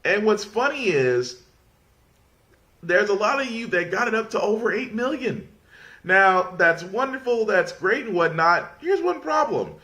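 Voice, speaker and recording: A man's voice: high voice, sing-song, a little slow, pushed and bright. A man hosting a casual podcast, mocking his subject, rambling and restarting often as he fights off laughter. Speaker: podcast host.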